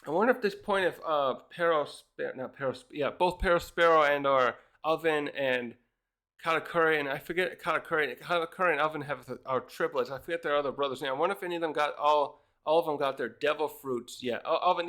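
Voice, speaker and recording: Man, casual review chat, bright tone, fairly high pitch, lots of fillers and restarts. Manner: rambling, many fillers and restarts. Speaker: manga reviewer. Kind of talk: casual chapter review commentary.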